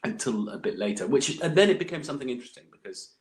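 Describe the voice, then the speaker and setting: A man's voice: medium pitch, big pitch swings, quick pace. A man, chatting as a podcast guest, rambling with many fillers and restarts. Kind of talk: casual interview chat.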